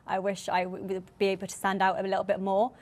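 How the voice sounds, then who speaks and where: Young Welsh woman, flat intonation, candid. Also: medium pitch, fast. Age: young adult.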